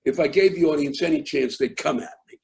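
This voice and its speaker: An older American man, a comedian, tells a rambling story that keeps restarting and builds into yelling. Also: fairly high pitch, brisk, vocal fry, a little hiss or hum, poor audio. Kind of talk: storytelling interview.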